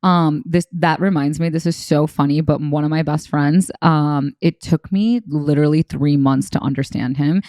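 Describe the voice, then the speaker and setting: A woman's voice: low voice, fairly even intonation, moderate pace, few pauses, a little mellow, no echo, studio quality. A young woman co-hosting a podcast, chatting animatedly, laughing often and acting out quotes. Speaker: podcast co-host. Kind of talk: casual recap chat.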